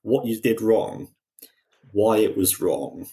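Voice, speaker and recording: Male podcast co-host, deep voice, lively, restarts sentences. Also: takes it slowly, vocal fry. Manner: animated, quotes people in put-on voices, frequent restarts. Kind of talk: casual discussion.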